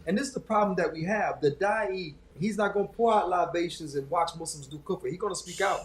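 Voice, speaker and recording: A man hosting a casual discussion, talking in an animated, joking way with many restarts. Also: sits high, a little fast, roomy sound. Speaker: podcast host.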